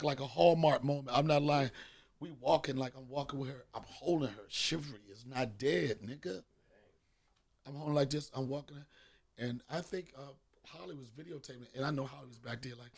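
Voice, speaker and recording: Man, podcast host, gravelly, slightly high voice, animated comic storytelling, profane. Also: fast. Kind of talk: comedic storytelling.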